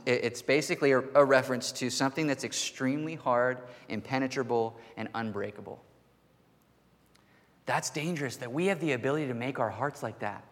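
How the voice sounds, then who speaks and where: A man preaching a sermon to his church in an earnest voice that rises to forceful emphasis. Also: medium pitch. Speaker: pastor. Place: church sanctuary. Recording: long hall reverb.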